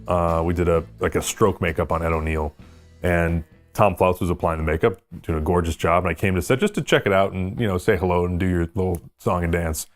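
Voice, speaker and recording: A man hosting a casual panel of makeup artists, telling stories in an animated way. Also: sits low, fairly quick, faint music behind. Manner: animated storyteller.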